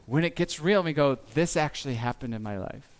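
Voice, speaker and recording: A man giving a sermon as pastor, speaking earnestly and confessionally, with pauses and small restarts. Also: fairly high pitch, animated.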